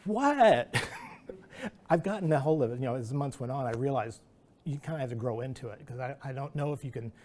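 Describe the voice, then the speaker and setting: Fast and mellow, with a mid-range voice, a middle-aged guest artist spins rambling stories at an artist talk, breaking off to restart and acting out what people said.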